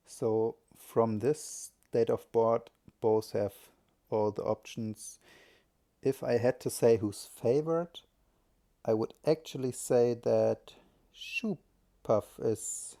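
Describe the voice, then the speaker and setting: Slow, gravelly male game commentator. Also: lowish voice, dark tone. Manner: thinking aloud, hesitant, correcting himself. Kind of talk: live solo commentary.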